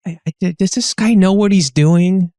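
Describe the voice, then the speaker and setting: A man's voice: high-pitched, moderate pace, dark tone. A man co-hosting an improv comedy podcast, playful and casually profane. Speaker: podcast co-host.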